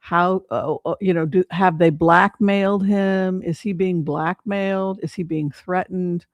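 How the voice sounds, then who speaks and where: Brief: chatty tarot-reading host, meandering and halting, mid-pitched voice, dry close sound. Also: steady tone, no echo, lo-fi sound. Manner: rambling, hesitant, many fillers and restarts. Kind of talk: casual livestream commentary with tarot reading.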